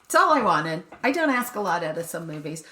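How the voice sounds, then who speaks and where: A woman's voice: fairly low pitch, fairly quick. A woman co-hosting a podcast in casual chat, joking with wordplay and telling stories. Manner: joking, wordplay, animated storyteller. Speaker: podcast co-host.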